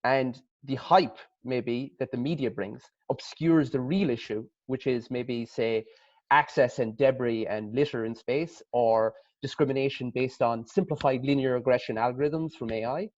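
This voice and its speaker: A man's voice: medium pitch, normal speed, darkish tone, no echo. A man with an Irish accent, a panelist asking thoughtful, rambling questions with restarts in a casual video-call conversation. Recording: dry, muffled lo-fi call audio.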